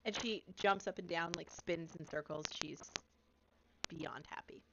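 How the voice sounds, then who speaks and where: A woman's voice: fairly low pitch, normal speed, muffled recording, noisy background. A woman playing a tabletop game, giggly and hesitant as she describes her character's actions. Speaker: player.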